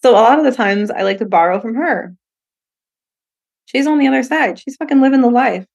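A woman's voice: a little high, brisk, vocal fry. A woman hosting a solo podcast, candid and profane, laughing often and acting out little voices as she talks. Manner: animated, acts out voices in quotes. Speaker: podcast host. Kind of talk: casual solo podcast monologue.

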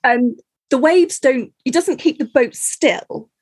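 Chatty woman podcast host, husky. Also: high voice, takes it slowly, a little mellow. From Cornwall, England. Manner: chatty, laughs often, many fillers. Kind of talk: casual conversational interview.

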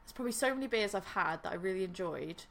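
A woman's voice: mid-range voice, animated, quick pace. A young woman co-hosting a podcast, chatting casually and rambling with lots of fillers as she rants. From United States. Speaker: podcast co-host. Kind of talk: casual chat.

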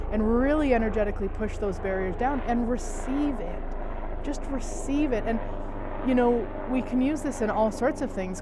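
Gentle, reflective woman talking. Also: mid-range voice, noisy background. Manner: gentle, repetitive, unhurried, with soft sighs. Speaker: self-help host. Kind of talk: reflective personal talk.

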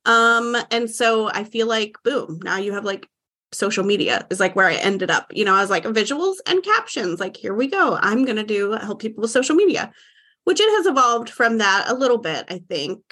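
Woman, animated, rambling, filler-heavy, fairly high voice, casual chat. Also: moderate pace. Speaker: podcast guest, marketer.

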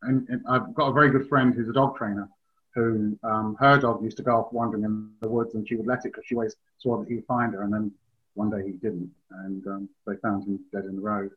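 A man's voice: lowish voice, little pitch movement, brisk. Chatty man giving dog advice. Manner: chatty, explains at length. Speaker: dog trainer, podcast host. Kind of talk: casual advice chat. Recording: slightly dull, lo-fi sound.

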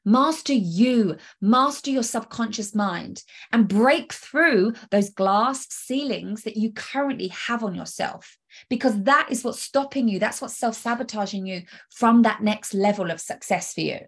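A woman hosts a solo coaching podcast, speaking energetically and emphatically right to the listener with rhetorical questions. Her voice is a little high and slightly rough, at a measured pace.

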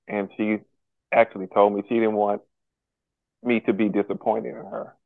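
A man speaking as a podcast guest in a candid personal conversation, halting and earnest, with many pauses and restarts. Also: on the low side, level tone, gravelly, no room sound. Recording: tinny phone-like line, dry.

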